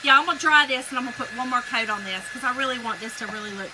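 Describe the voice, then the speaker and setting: A woman's voice: fairly high pitch, racing, background noise. A woman, hosting a casual craft livestream, telling a story and greeting viewers by name. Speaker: livestream host. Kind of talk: casual livestream chat while painting.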